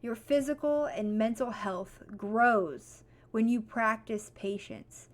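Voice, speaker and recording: High-voiced woman giving a blunt, profane rant. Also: takes it slowly. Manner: blunt, profane rant that swings from calm to loud. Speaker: vlogger. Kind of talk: motivational talk to camera.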